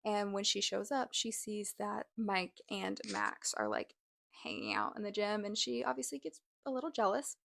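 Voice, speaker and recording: A woman hosting a casual TV recap vlog, talking in a chatty, animated way with lots of "like" fillers. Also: medium pitch, moderate pace, vocal fry, no room sound, studio quality. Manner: animated, exclaims and laughs. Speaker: show recap host.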